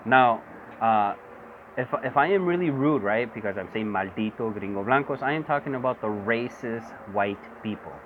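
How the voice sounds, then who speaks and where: A man's voice: mid-range voice, expressive, normal speed. Impassioned man on a tinny phone recording. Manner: impassioned, repetitive, switches between English and Spanish. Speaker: vlogger. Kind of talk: political monologue. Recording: tinny phone-quality audio with buzzing insect noise.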